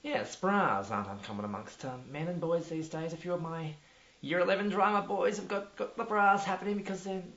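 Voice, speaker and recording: A man's voice: high-pitched, fairly quick, fairly bright tone. A man with an Australian accent playing a pompous, self-important male drama teacher who rambles with many restarts. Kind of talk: mockumentary comedy. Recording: dull lo-fi audio in an echoey room with faint music.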